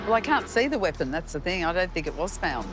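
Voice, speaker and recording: Halting New woman psychic. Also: lowish voice, sing-song, over music. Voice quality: halting, searching for words. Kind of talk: describing impressions on location.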